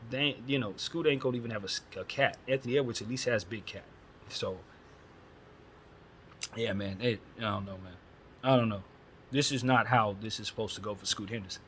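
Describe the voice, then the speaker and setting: A man's voice: on the low side, a little fast, pauses often, a bit bright, slight background noise. A man hosting a casual solo basketball chat, talking bluntly and with strong opinions, using casual slang. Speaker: basketball commentary host.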